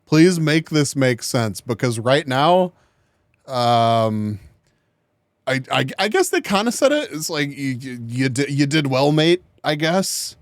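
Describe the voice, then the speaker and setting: A male streamer reacts to a clip in an unhurried, giggly way, his voice swooping and lively. He coughs now and then between laughs, and his tone is smooth and clean over a dry, close sound. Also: medium pitch, no echo. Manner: giggly, keeps laughing and joking. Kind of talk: casual live-stream commentary.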